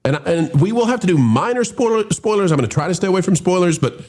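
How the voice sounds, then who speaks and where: A man's voice: high voice, animated, fast talker, a little mellow. A man hosting a casual movie review chat, opening with showman-style greetings and rambling with restarts. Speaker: host.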